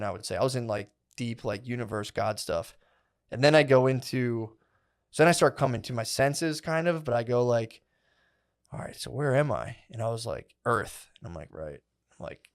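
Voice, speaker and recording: A man in the middle of a comedy podcast, spinning a long, wandering story. He talks in a loose, casual way, and "like" and "dude" fill nearly every phrase. His voice sits at an ordinary middle pitch, and the swearing comes out easily. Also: lively intonation, moderate pace.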